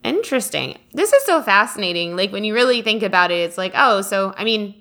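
A woman's voice: mid-range voice, very animated, brisk, sharp tone. A woman in casual chat as a co-host, asking curious questions and laughing easily.

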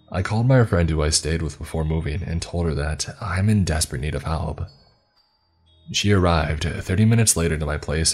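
A man narrating a horror story in first person, in a steady, grave tone. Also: rumbling low, breathy edge.

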